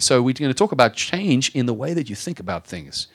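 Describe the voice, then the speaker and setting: Very animated, a male pastor delivers a sermon in a conversational, self-deprecating manner. He climbs in pitch and volume to stress points and slows on the important phrases.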